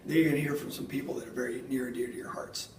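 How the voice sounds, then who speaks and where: Gravelly man presenting from afar. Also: mid-range voice, steady tone, rapid-fire, a little mellow, slight background noise. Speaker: school staff presenter. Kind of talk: school announcement. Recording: distant mic in an echoey room.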